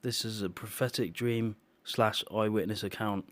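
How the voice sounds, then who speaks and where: A man's voice: on the low side, steady tone, a bit bright. A man recounting a dream as a personal testimony for his video channel, speaking earnestly and emotionally with frequent restarts and fillers. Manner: halting, with many restarts and fillers; emotional, solemn. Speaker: video maker sharing visions.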